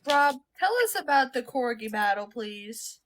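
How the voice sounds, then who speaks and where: A woman's voice: fairly high pitch, unhurried, fairly bright tone, slight background noise. Teasing woman on a video call. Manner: teasing, laughs often. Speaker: livestream participant. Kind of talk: casual group chat on a livestream.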